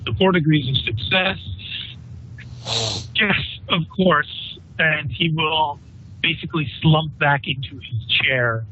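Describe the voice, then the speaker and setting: A man's voice: a little high, slow pace, a little hiss or hum. Tinny-sounding man running a tabletop game. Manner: loose, chatty narration with fillers. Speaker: game master. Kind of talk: narrating a tabletop game over voice chat. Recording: tinny voice-chat line.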